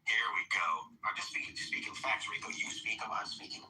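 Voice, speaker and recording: A man's voice: lowish voice, moderate pace. A man arguing heatedly in an online political chat, angry and profane, mocking the other side. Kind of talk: heated argument. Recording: distant mic with faint noise.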